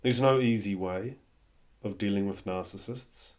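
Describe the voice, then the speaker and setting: Male host with a low voice, blunt and profane, in a coaching monologue. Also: measured pace, a little mellow. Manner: blunt, swears freely, coaching tone. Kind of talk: motivational monologue.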